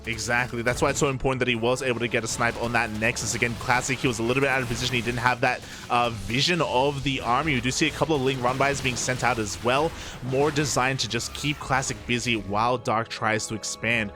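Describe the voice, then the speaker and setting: A man casting a live strategy game, calling the action and getting louder and higher at big moments. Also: fast talker, few pauses. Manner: excitable, rising pitch at big moments. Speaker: esports caster. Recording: faint game music underneath.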